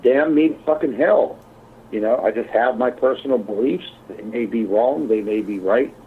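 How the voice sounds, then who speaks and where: A man's voice: mid-range voice, normal speed, a little hiss or hum. A man on a group internet call chatting bluntly, swearing constantly. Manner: blunt and heavily profane. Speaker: channel owner on a group call. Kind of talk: heated casual call chat. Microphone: computer mic on a video call. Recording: tinny internet call audio.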